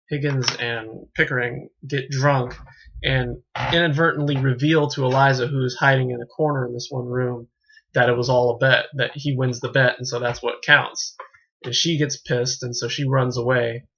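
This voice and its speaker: A man's voice: medium pitch, level tone, normal speed, a bit bright, a little hiss or hum. A man casually reviewing a film, rambling and correcting himself as he stumbles over words. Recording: dull lo-fi home recording.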